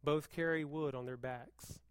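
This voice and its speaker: Fervent high-voiced male pastor. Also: steady tone, measured pace, clean tone, no room sound. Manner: swings from hushed intensity to loud fervent preaching. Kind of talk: sermon.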